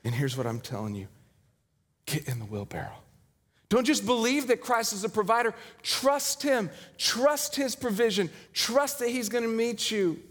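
High-voiced male preacher in a reverberant hall. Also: very animated, normal speed. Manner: storytelling, dramatic swings from loud to hushed. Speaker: pastor. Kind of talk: sermon.

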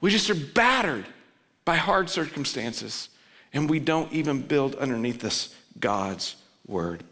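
A man preaching a sermon as pastor, swinging between loud urgent pleading and low, quiet emphasis. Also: very animated, slow. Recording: long reverb of a large hall.

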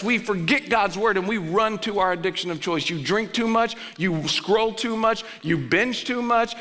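A man preaching a sermon as pastor, swinging between loud urgent pleading and low, quiet emphasis. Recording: long reverb of a large hall.

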